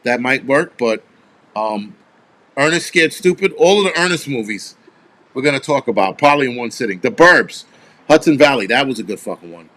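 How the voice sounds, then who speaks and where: A man hosting a casual live stream, chatting about movies in a rambling, profane way and getting animated when he tells a story. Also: medium pitch, normal speed. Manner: rambling, with restarts. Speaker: host.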